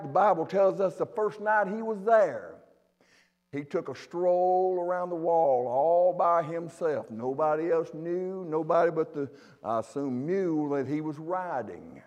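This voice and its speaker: Fervent high-voiced preacher in a reverberant church. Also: male voice, darkish tone. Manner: preaching fervently, repeats and restarts phrases. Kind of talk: sermon. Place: church sanctuary.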